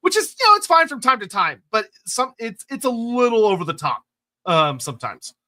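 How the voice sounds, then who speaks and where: A man's voice: extremely high pitch, big pitch swings, brisk, bright, forceful tone. A chatty, agreeable man co-hosting a casual podcast discussion and reading out listener messages. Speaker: co-host of a lore podcast.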